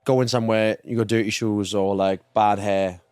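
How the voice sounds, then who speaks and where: A man's voice: fairly low pitch, steady tone, normal speed, darkish tone, smooth, dry recording, clean studio sound. A young man co-hosting a podcast in casual chat, rambling and restarting his sentences. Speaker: podcast co-host.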